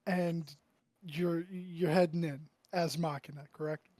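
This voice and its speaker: A man running a tabletop game as game master, narrating with many pauses and throat-clearing. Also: a little high, steady tone, a little mellow, no room sound. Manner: halting, full of ums and throat-clearing.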